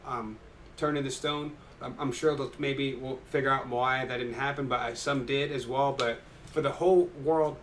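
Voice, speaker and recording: A young man excitedly recapping an anime episode for his viewers, rambling with lots of fillers. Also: medium pitch, slight background noise. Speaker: anime reaction YouTuber.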